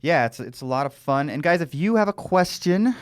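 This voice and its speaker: A man's voice: on the high side, expressive, fairly quick, dry recording, studio quality. A man co-hosting a casual podcast, easygoing and agreeable. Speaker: podcast co-host. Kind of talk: casual chat.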